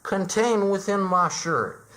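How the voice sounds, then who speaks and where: A woman's voice: mid-range voice, lively intonation, slow pace, a bit bright, slight background noise, poor audio. A woman voicing a whiny male steel magnate who is stuffed with newspapers, pleading in stiff, formal sentences. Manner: whiny, pleading, stilted speech without contractions. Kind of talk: absurd comedy voice acting.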